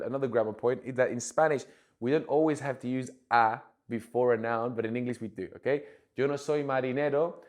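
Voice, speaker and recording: Male Spanish tutor, casual online lesson, chatty, keeps checking in with viewers, slows down for worked examples. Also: mid-range voice. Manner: chatty, repeats "okay, guys" often; slow, careful spoken examples for learners. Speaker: Spanish teacher.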